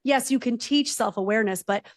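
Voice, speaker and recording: A woman's voice: on the high side, a little fast, no echo. A woman therapist speaks as a podcast guest in a direct, emphatic way, often ending points with "right?". Her voice is recorded close and dry, with no room sound. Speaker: psychotherapist guest. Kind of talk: podcast conversation.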